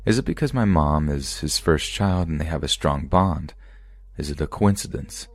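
Very deep-voiced man narrating scary stories. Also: normal speed. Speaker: podcast narrator.

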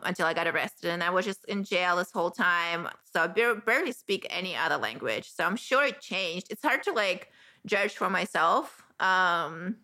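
A woman's voice: on the low side, bright, forceful tone. A woman with a German accent hosting a casual interview, giggling often and hesitating with fillers. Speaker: host.

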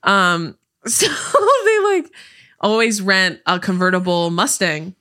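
A young woman co-hosts a casual podcast with a bright, lively tone. She talks loosely and laughs often, with plenty of fillers. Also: lowish voice, slow, smooth. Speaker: podcast co-host. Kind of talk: casual chat.

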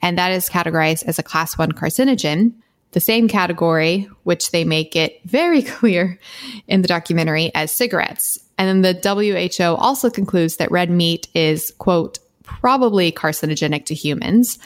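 A woman with a fairly low voice talks on a podcast. She reads her own writing aloud, earnest and impassioned, laughing lightly now and then. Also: normal speed. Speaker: podcast co-host. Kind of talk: casual podcast chat, reading her own blog post aloud.

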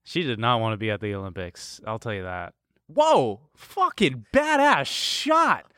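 A man's voice: lowish voice, sing-song, moderate pace, clean tone, no echo, clean studio sound. A man co-hosting a casual sports podcast, joking and swearing freely as he chats. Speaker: podcast co-host. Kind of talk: casual chat.

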